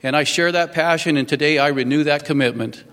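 A man's voice: a little high, fairly quick, fairly bright tone, long reverb tail. A man in his fifties giving a folksy, earnest public speech as a newly sworn-in mayor, thanking people at a ceremony. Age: 50s. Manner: folksy and earnest, with many fillers.

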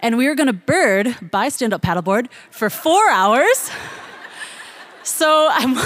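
A woman's voice: high-pitched, sing-song, slow pace, fairly bright tone. A woman telling a personal story in a chatty way, laughing often and using many fillers.

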